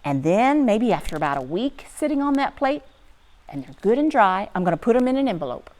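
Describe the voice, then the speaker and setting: A woman teaching young children in a lively, sing-song way, talking right to them. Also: medium pitch, brisk. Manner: animated, sing-song, talks to the kids. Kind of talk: children's lesson. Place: barn.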